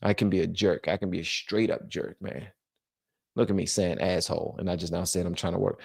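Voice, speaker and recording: Gravelly man ranting on a livestream. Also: fairly quick, no echo, studio quality. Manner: animated, switches between loud rants and low muttering. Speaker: livestream host. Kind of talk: casual political commentary livestream.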